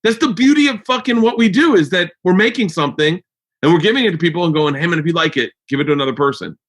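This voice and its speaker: A man hosting a podcast in casual chat, talking in a rambling, excitable way and swearing freely. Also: on the high side, fast talker. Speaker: podcast host.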